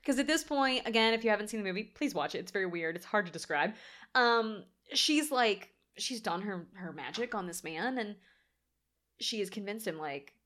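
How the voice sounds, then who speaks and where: A woman's voice: medium pitch, moderate pace. Chatty young woman recapping a movie. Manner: chatty, animated, swears, laughs often. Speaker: podcast co-host. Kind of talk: casual movie discussion.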